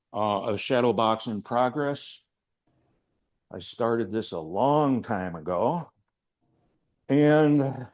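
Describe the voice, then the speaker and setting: A man's voice: mid-range voice, darkish tone. An older man, an artist, giving an informal, rambling talk to a gallery audience about his work, with chatty, self-deprecating asides. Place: art gallery.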